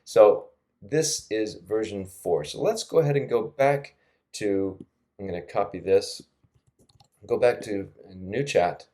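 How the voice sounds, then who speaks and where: A middle-aged language teacher goes through a screen-recorded tutorial a little slowly. He has a low, mellow voice and a casual, talkative style with frequent fillers and light laughs, speaking close to a desktop microphone.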